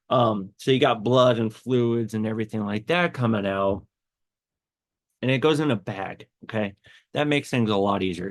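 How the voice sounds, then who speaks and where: A podcast host tells a personal story, rambling with many fillers and restarts as he grows tearful and choked up. He has a lowish, gravelly voice, and the recording is dry.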